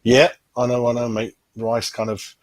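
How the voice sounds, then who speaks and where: A man's voice: medium pitch, monotone, moderate pace, no echo. A man hosting a fan channel, chatting casually on a livestream, constantly saying "mate" and tossing in tag questions.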